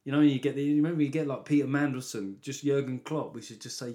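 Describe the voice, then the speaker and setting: A man's voice: medium pitch, fairly even intonation, quick pace, hardly any pauses, dark tone. A man riffs alone on his comedy podcast, drifting from one joke to the next. He talks in a loose, rambling way. He often laughs at his own gags. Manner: rambling, jokey asides, laughs at own jokes. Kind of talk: solo comedy podcast monologue.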